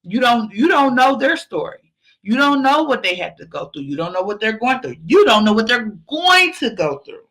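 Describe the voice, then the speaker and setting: A woman's voice: on the high side, sing-song, moderate pace, a bit bright. A woman podcast host giving an emphatic motivational pep talk, repeating phrases for emphasis.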